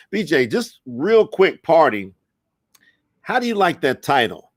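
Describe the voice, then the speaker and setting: A man's voice: medium pitch, fairly bright tone, dry recording. A man hosting a live-streamed interview, enthusiastic and motivational, reading viewer comments aloud. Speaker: host.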